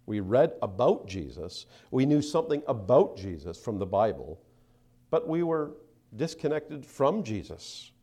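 Animated male preacher. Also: mid-range voice, unhurried. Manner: animated preaching, acts out quoted speakers, drops to soft asides. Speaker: pastor. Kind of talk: sermon.

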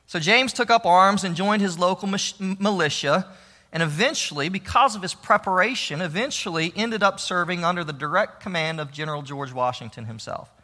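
A man giving a historical storytelling talk, with dramatic, emphatic delivery that drops to a hush. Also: high voice, brisk. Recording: long reverb of a large hall.

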